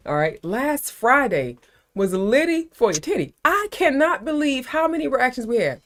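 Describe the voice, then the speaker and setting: A woman's voice: high-pitched, big pitch swings, normal speed, fairly bright tone. Chatty American woman hosting a stream. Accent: neutral American. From South Florida, USA. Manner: chatty, laughing, calls people baby. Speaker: livestream host. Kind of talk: casual live-stream chat.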